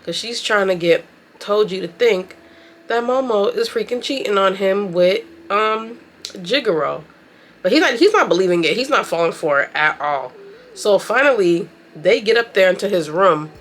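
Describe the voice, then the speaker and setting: A woman vlogger giving a chatty, slangy recap of a show while doing her makeup, very expressive as she talks. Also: medium pitch, normal speed, slight background noise. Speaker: beauty and anime vlogger.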